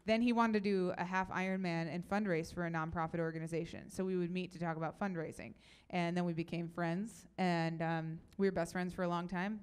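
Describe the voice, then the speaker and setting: A young woman giving a talk at a youth event, telling stories in a chatty, animated way and taking audience questions. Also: lowish voice, clean tone. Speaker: speaker.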